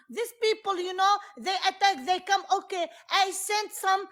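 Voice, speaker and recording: Loud, bright high-pitched woman arguing. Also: moderate pace, few pauses. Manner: loud, heated, broken English, insistent "okay?". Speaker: guest caller on a livestream. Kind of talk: heated live debate.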